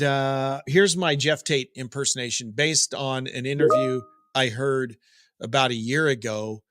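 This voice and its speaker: A man's voice: medium pitch, pushed and bright, no echo, studio quality. A middle-aged man hosting a daily rock news update, chatting casually with jokes and digressions. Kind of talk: casual rambling commentary.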